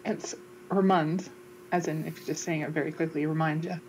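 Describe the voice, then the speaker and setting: A woman chats with a friend and sets her straight in a plain, matter-of-fact way. Her voice sits slightly low, and a faint hiss runs behind it. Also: fairly even intonation, normal speed, darkish tone, low-quality recording. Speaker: friend on a call. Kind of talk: casual chat.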